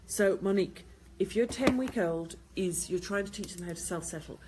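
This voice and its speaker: A woman's voice: medium pitch, moderate pace, background noise. A woman host answering viewers' questions on baby sleep, giving practical advice and repeating key points. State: tired, yawning.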